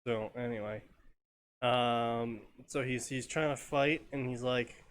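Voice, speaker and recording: A man hosting a casual show, reading fanfiction aloud in a deadpan, sarcastic way and swearing freely. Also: mid-range voice, takes it slowly, slight background noise.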